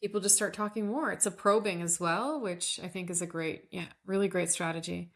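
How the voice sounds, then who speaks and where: A woman's voice: lowish voice, a little fast. A woman hosting a podcast interview in a chatty conversational manner, with frequent affirmations. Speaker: podcast host.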